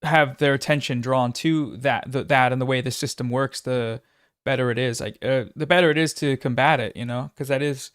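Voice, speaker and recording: A young man, a guest in a casual chat, speaking haltingly with many fillers and restarts. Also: mid-range voice, fairly even intonation, fairly bright tone, clean tone, dry recording, studio quality. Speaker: guest YouTuber.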